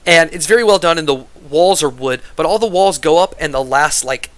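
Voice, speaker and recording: Bright-voiced man running a tabletop game. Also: fairly high pitch, a little fast. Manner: casual, loose, lots of fillers. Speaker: game master.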